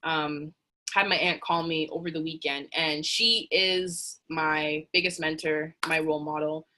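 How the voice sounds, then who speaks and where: A woman telling an earnest motivational story in a casual, animated way. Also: sits low, unhurried, slight background noise.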